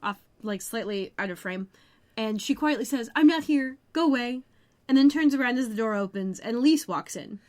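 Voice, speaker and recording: A woman's voice: fairly high pitch, lively intonation, fairly quick, a little mellow. A woman co-hosting a podcast, recapping a TV episode in casual chat, full of jokes and side remarks. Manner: chatty, jokey, tangents and side comments. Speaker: podcast co-host.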